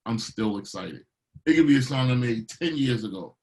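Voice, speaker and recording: Middle-aged male DJ, mid-pitched voice, casual and lively storyteller, an interview guest. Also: normal speed, poor audio. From Baltimore. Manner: animated storyteller, acts out quotes.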